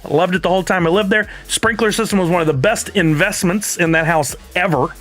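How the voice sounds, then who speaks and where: A man's voice: a little high, fairly bright tone. A middle-aged man hosting a stream, telling a story in casual chat and acting out both sides of the conversation. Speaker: streamer host.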